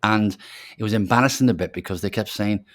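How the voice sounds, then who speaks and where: A man in his sixties who grew up in Liverpool, speaking with a softened Liverpool accent as he reflects on his career and tells stories. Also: on the low side, fast. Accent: softened Liverpool English. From Liverpool, England. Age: 60s. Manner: reflective storyteller, acts out quoted voices. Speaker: executive producer guest. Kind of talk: casual interview.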